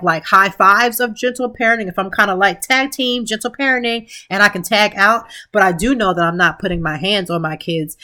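A woman's voice: mid-range voice, pushed and bright. A woman, hosting a podcast and giving emphatic, opinionated commentary straight to her listeners. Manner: emphatic, conversational, addresses listeners directly as "y'all". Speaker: podcast host.

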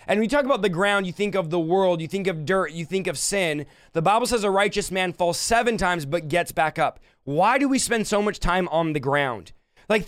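A man's voice: high voice, smooth, no echo, studio quality. A man preaching a fervent sermon, repeating phrases and acting out quoted dialogue.

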